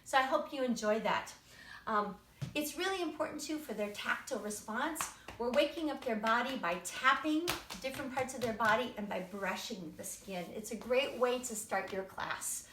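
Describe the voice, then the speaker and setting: A woman's voice: a little high, fairly bright tone, slight background noise. A woman teaching children's music and movement in a cheerful, encouraging, sing-song way, indoors. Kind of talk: live-streamed lesson with chants. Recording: roomy echo.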